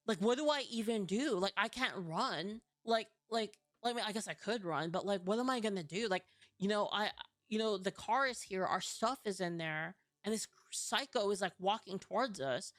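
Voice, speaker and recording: A woman's voice: mid-range voice, fairly bright tone, no echo. A young woman from California telling a story in a casual vlog, ranting, full of fillers and swearing. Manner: profane, filler-heavy, ranting.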